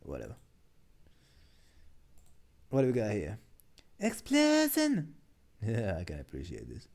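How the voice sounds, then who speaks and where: Male streamer, casual meme commentary, lively pitch, mellow tone, rambling and self-correcting. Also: moderate pace, gravelly. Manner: chatty, muttering, laughs at jokes, many restarts. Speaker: streamer reacting to memes.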